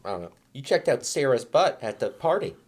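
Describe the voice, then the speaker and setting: A man's voice: mid-range voice, a little fast. A man co-hosting a comedy podcast, ranting jokingly and putting on mock voices for quotes. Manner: animated, jokey rants with mock quotes. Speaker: podcast co-host. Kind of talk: casual comedy chat.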